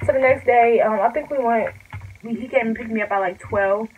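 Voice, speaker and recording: A woman's voice: fairly high pitch, moderate pace, dull audio, slight background noise. A young woman telling a casual storytime vlog, rambling and chatty with lots of filler words. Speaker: vlogger.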